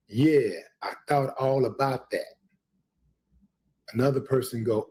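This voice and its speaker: A man's voice: medium pitch, moderate pace, warm tone. A man hosting a live stream commentary, emphatic and addressing his viewers as family. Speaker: host.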